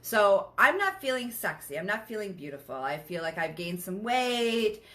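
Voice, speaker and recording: A woman's voice: medium pitch, very animated, moderate pace, a bit bright. A woman hosting a podcast in a casual monologue, frank and emphatic, swearing freely and often checking in with her listeners. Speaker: podcast host.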